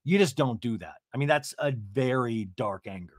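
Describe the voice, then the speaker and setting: A man hosting a podcast, recapping a reality show in a chatty, animated way and swearing casually. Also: mid-range voice, moderate pace, dry recording, clean studio sound. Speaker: podcast host.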